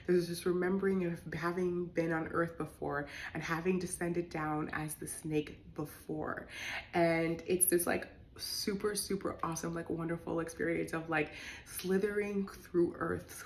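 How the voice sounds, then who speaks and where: A young woman, bilingual in English and Spanish, shares a personal story in a loose, conversational way. Her voice sits a little low for a woman, and she leans on "like" and filler words, getting animated when she gets excited. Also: unhurried, a little hiss or hum. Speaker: vlogger recounting her experience. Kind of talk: casual storytelling.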